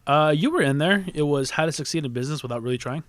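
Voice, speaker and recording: A man reminiscing with friends in a relaxed conversation. He jokes and drops references often. His voice sounds close and dry, with little room around it. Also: fairly high pitch, fast talker, no room sound. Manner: joking, quotes references, laughs. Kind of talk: casual chat among friends.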